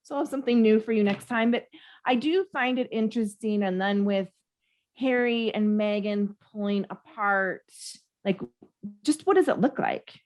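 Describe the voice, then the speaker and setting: A woman's voice: medium pitch, moderate pace, darkish tone. A woman co-hosting a podcast in casual chat, reacting with enthusiasm and expression. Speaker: podcast co-host.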